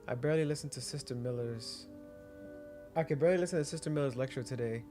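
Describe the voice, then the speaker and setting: Animated man reading letters on stream. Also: medium pitch, fast talker, music in the background. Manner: animated, mock-romantic reading, laughs often. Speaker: gaming streamer. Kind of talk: reading game letters aloud with joking asides.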